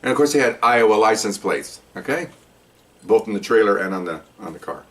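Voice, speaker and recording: A man's voice: on the low side, animated, brisk, a bit bright, recorded from a distance. An older man, a retired police officer, telling a story from his career in a casual, rambling way, often repeating and restarting words.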